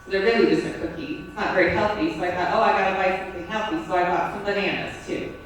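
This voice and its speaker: A woman's voice: mid-range voice, fast talker, distant mic. A woman lectures in a school room, and her voice rings through a very echoey space from a mic set well away from her. She keeps a conversational classroom manner and often checks in with her listeners. A faint hum of room noise sits under her. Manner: conversational, checks in with "right?" and "okay?". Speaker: lecturer on teaching and the brain.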